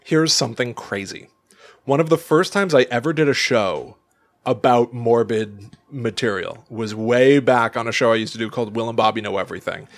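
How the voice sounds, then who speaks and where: Chatty male podcast host mid-story. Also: medium pitch. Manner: animated, halting storyteller with many restarts and laughs. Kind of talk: casual storytelling chat.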